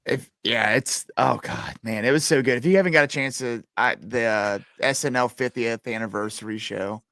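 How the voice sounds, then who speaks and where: A man's voice: mid-range voice, normal speed, pushed and bright, no room sound. Podcast co-host, male, mid voice, rambling, dry recording. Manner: rambling, many fillers. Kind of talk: casual chat.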